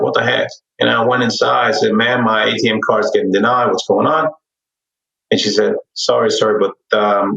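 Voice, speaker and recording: A middle-aged man telling his own story as a podcast guest, earnest and candid, animated as he relives it. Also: on the low side, gravelly. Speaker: podcast guest, real estate investor. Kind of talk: personal storytelling in a podcast interview. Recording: dull, roomy sound, distant from mic.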